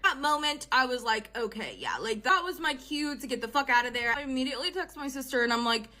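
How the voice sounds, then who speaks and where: A young woman tells a personal story in a casual, animated storytime style. Her voice sits high and sounds bright. She swears freely and says "like" constantly. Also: quick pace. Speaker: storyteller in a clip.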